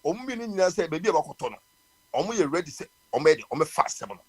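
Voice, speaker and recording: Ghanaian male radio host, high husky voice, impassioned and repetitive. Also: big pitch swings, quick pace. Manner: passionate, mixing Twi and English, with many restarts. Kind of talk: live radio call-in talk.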